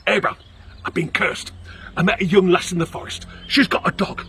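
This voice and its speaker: Guy putting on a frantic peddler yelling about curses, pitched way up. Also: a little fast, a little hiss or hum. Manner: shouting, accusing, raised voice. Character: gruff middle-aged male peddler, cursed and frantic.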